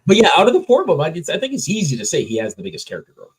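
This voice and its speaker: A man's voice: on the high side, huge pitch swings, rapid-fire, slightly rough, poor audio. A man co-hosting a casual movie review podcast, sharing trivia and laughing often. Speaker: podcast co-host.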